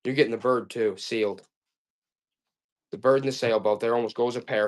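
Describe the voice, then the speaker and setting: A man's voice: medium pitch, brisk, long pauses. A man selling vintage items on a live stream, chatting to viewers in a repetitive, hyped-up sales patter. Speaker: live auction seller.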